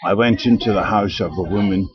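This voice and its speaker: A man's voice: on the low side, fairly quick. An older man from Britain, talking in a rambling, aggrieved monologue full of hesitations and restarts. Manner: digressive, aggrieved, with frequent hesitations. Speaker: vlogger. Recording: dull lo-fi recording.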